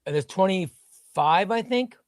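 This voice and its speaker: A man hosting a casual comic book livestream, excitable and self-deprecating as he fumbles with the setup. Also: high-pitched, measured pace, no echo, clean studio sound. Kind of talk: casual live stream chat.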